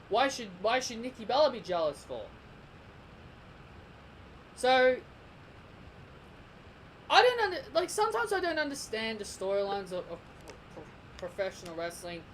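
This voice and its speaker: A man's voice: high voice, sing-song, measured pace, pauses often, a bit bright, slight background noise, low-quality recording. A young man giving a heated, opinionated commentary rant as a vlogger, repeating himself and restarting sentences. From Australia. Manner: heated, repetitive, stumbling restarts. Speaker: wrestling vlogger.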